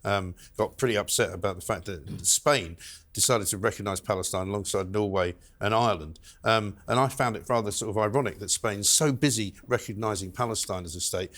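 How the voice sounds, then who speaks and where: A man hosting a panel show, moving the talk along in a wry, brisk way. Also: fairly low pitch, fairly bright tone. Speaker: host. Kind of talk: casual panel chat.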